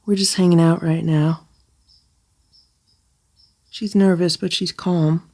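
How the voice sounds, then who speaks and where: A woman filming a casual vlog about a rescued kitten, talking softly and soothingly as she narrates, indoors beside a cage. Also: creaky. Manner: soothing, coaxing, switches to high sing-song baby talk for the kitten. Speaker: cat rescuer vlogger.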